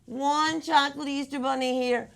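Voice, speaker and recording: A woman's voice: high-pitched, fairly even intonation, normal speed, creaky. A woman hosting a playful taste test, upbeat and coaxing as she directs her guests. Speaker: segment host.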